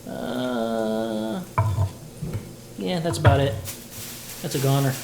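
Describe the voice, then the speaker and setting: A man's voice: medium pitch, big pitch swings, slow, vocal fry. Chatty man cooking in an echoey kitchen. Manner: chatty and playful, talks to viewers. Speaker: livestreamer cooking dinner. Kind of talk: casual livestream chat while cooking. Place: home kitchen. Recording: echoey kitchen with sizzling pan noise.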